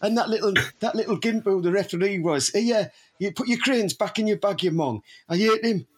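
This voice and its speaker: A man's voice: high-pitched, brisk, very noisy. A man co-hosting a podcast, ranting and swearing in rambling casual banter. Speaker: podcast co-host.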